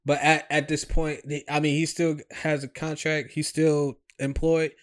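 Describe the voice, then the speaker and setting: Male co-host, fairly high voice, loose slangy banter, quick to laugh. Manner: animated, laughs often, loose slangy talk. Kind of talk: casual chat.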